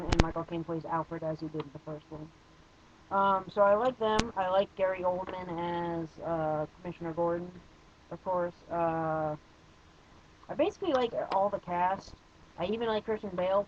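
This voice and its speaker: A man's voice: high voice, dull audio, slight background noise. A man giving a casual spoken movie review, hesitant and rambling, with many fillers and blunt opinions.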